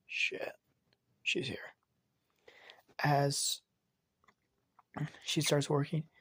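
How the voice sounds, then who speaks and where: Man rambling thru a made-up story, slow, creaky, kinda whispery. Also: fairly high pitch, flat delivery, no room sound. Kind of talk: improvised story narration.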